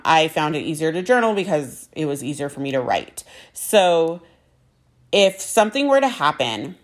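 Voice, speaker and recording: Middle-aged woman vlogger, low voice, blunt and profane, candid confessional talk to camera. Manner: frank and casual, swears freely, many fillers. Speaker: vlogger sharing a personal story.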